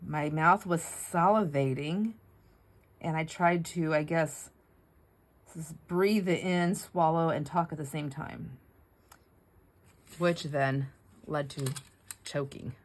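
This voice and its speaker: A middle-aged woman hosts a craft video, her low, expressive voice moving slowly with frequent pauses. She rambles and digresses while cutting board, often stopping mid-sentence to laugh.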